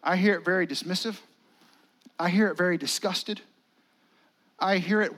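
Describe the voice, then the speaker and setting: A male pastor, preaching a sermon in a conversational style with dramatic pauses and near-whispers. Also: high voice, fairly even intonation, a bit bright.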